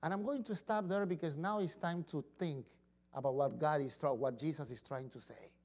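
A man's voice: on the high side, normal speed, darkish tone. A man preaching a sermon as pastor, acting out quoted pleas in voices.

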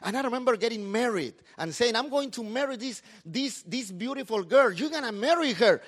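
A middle-aged man, a pastor preaching a sermon in a lively, talkative way. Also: very high-pitched, fairly quick.

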